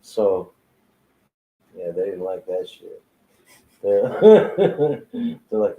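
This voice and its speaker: A man with a somewhat low, dark and mellow voice tells stories from his life as a tattoo artist. He talks casually and profanely, laughing often as he goes. He is recorded in a tattoo studio. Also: animated, slow pace, pauses often, low-quality recording. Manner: profane, laid-back, laughing storyteller. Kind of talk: casual storytelling chat.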